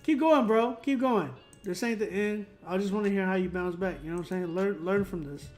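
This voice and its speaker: Young male producer, higher-pitched voice, relaxed rambling critique with faint music behind. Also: brisk. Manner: laid-back, rambling, many fillers. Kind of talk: casual live critique.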